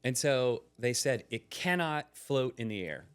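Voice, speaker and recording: A man's voice: unhurried, clean tone. A man in his forties, a podcast guest, telling a story in casual chat, acting out quoted lines with bursts of energy. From United States. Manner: animated, acts out quotes with rising pitch.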